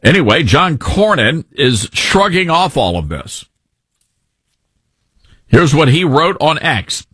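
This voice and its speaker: A man's voice: medium pitch, very animated, measured pace, creaky, a bit bright, slightly rough, no room sound. A middle-aged man hosting a call-in talk show, giving sarcastic, opinionated commentary and mocking people he disagrees with. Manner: sarcastic, mocks others with put-on voices. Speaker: call-in radio show host.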